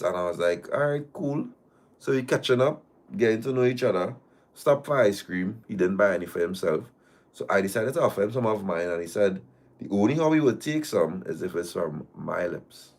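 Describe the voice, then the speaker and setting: A man reads a listener's story aloud on a live stream, speaking as its first-person teller. His voice sits low, yet his pitch leaps and swings widely from line to line. He keeps breaking off to tease the listener. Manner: animated reading in the first person, with teasing asides.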